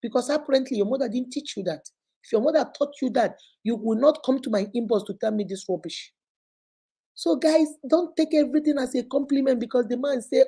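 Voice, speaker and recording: Animated Nigerian woman in her fifties. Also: sits high, brisk, breathy edge. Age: 50s. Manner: animated and scolding, mixing in pidgin and Igbo phrases. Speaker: host. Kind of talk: casual livestream advice talk.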